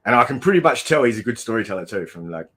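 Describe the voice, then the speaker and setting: A man's voice: lowish voice, sing-song, rapid-fire, a bit bright, breathy edge. A man co-hosting a casual livestream in laid-back, agreeing banter. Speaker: livestream co-host.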